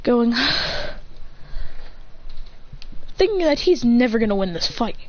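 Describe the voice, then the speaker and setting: A woman's voice: on the high side, brisk. Rambling woman telling a fan story. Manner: rambling and excited, many restarts. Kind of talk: improvised fan story narration. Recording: dull lo-fi recording with faint hiss.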